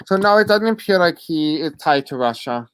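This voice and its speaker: A host with a deaf accent gives live readings and answers chat questions, speaking haltingly and apologetically with lots of fillers. The voice is medium-pitched, animated, and smooth, with no room sound.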